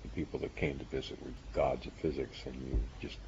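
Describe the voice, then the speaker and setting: Older guy with a super deep gravelly voice telling old stories, kinda dull recording with faint hiss. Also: little pitch movement, brisk. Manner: warm storytelling with chuckles. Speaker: physicist recalling graduate school. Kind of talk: reminiscing interview.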